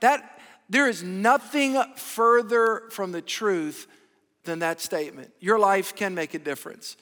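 A man's voice: high-pitched, measured pace, fairly bright tone. A middle-aged male pastor preaching a sermon in an earnest way, repeating key phrases for emphasis. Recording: long hall reverb.

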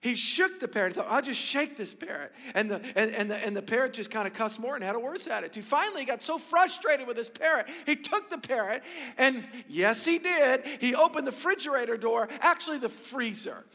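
Guy preaching a sermon, pretty high voice, lots of restarts, big echoey church. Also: lively intonation, a little fast, sharp tone. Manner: emphatic, repetitive, stumbles and restarts, addresses congregation. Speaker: pastor. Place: church sanctuary.

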